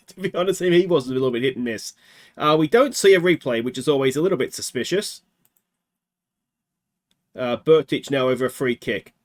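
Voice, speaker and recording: Australian male let's-play host, slightly high voice, chatty game commentary full of rhetorical asides. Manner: chatty, asks himself rhetorical questions.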